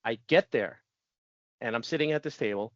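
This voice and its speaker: A man's voice: medium pitch, normal speed, fairly bright tone, dry recording. Forties guy telling a story on a podcast, laughs a lot, dry lo-fi recording. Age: 40s. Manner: chatty, laughs often, restarts sentences. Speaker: podcast guest. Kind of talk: casual storytelling interview. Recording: dull dry lo-fi audio.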